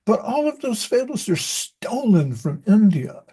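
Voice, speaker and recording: Speaking slowly in a high, dark-toned voice with a breathy edge and big swings in pitch, a reading teacher tells stories at a group meeting. He wanders off track, cuts himself off, and keeps restarting sentences in this casual discussion.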